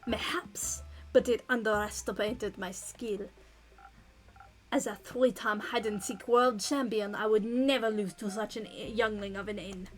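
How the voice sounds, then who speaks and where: A woman's voice: medium pitch, steady tone, measured pace, natural voice. A woman voicing a polite, haughty male vampire with a put-on French accent and grand, formal diction. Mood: grandly haughty.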